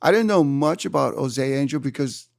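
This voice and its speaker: A man in his seventies from Hawaii, an interview guest telling surf stories in an animated way and acting out his own exclamations. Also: on the high side, moderate pace, creaky, no room sound, studio quality. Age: 70s. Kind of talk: storytelling in a conversation. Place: room.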